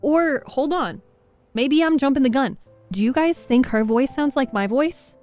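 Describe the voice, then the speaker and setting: A woman's voice: high-pitched, unhurried, darkish tone, faint music behind. A young woman streaming a game and chatting playfully with her viewers. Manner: chatty, playful, greets chat. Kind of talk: casual game-stream commentary.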